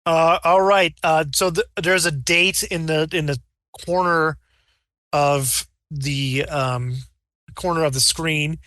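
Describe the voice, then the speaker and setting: A man narrating as game master of a tabletop game, rambling and animated, slipping into character voices. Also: a little high, takes it slowly, no room sound, studio quality.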